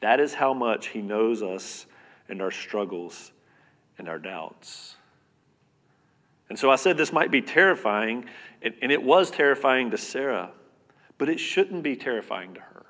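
Pastor guy preaching, earnest and chatty, mid-pitched voice, big hall echo. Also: big pitch swings, unhurried, long pauses. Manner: earnest, conversational preaching with repeated words and sudden loud and soft turns. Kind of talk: sermon. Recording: long reverb of a hall.

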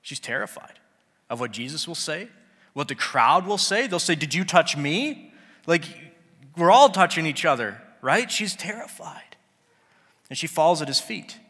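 A man's voice: a little high, expressive, moderate pace, a bit bright. A man preaching a sermon, who talks casually and acts out the people he quotes. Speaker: pastor. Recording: long hall reverb.

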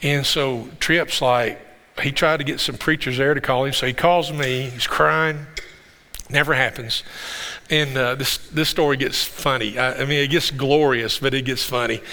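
A man preaching from the pulpit with a bright, forceful voice that carries a long hall reverb through the sanctuary. He talks in a loose, conversational way and doubles up words when he gets going on a story. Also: mid-range voice, steady tone, moderate pace. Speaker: pastor. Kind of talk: sermon with storytelling. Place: church sanctuary.

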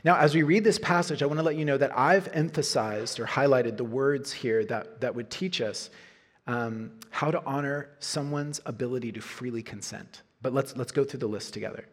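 Husky-voiced man preaching a sermon. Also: medium pitch, moderate pace. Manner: earnest preaching, frequent "right?" asides. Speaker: pastor.

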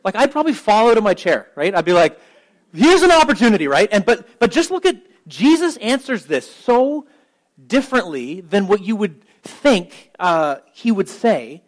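A man's voice: high voice, very animated, measured pace, low-quality recording. A male pastor giving a conversational sermon, talking casually and animatedly with frequent asides and check-ins to the listeners.

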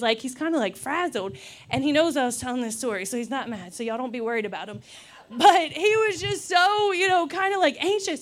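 A young woman preaching a sermon in a lively, laughing, storytelling way. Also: high voice. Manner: animated, laughs often, acts out quotes.

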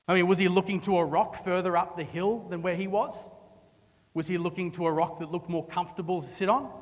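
A man preaching in a high, bright voice that rings with long reverb through a large hall. He delivers a dramatic sermon, sinking to a hushed hush and then surging into impassioned pleas. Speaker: pastor.

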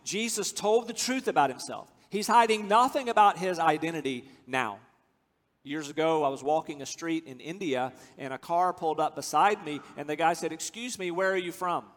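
A man from the United States preaching a sermon, earnest and emphatic, slowing down to stress key phrases. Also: fairly high pitch. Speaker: pastor. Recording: long hall reverb.

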